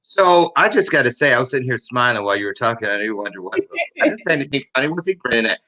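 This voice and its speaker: A man's voice: mid-range voice, big pitch swings, rapid-fire, pushed and bright, low-quality recording. A man hosting a talk show interview in a playful, joking manner. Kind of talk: interview conversation.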